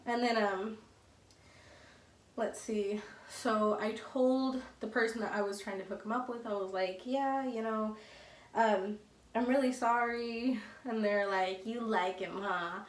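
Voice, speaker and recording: A woman's voice: a little high, measured pace. Chatty young woman, roomy and distant. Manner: rambling, chatty, many fillers and restarts. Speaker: vlogger. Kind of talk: casual storytime. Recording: roomy echo, a bit far from the mic.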